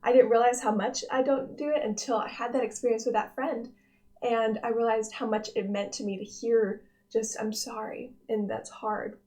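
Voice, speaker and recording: A young woman with a fairly high voice talks through a personal devotional. She is earnest and gentle, pausing to reflect and often restarting her sentences as she thinks aloud. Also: fairly even intonation. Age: young adult. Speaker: devotional vlog host, nursing student.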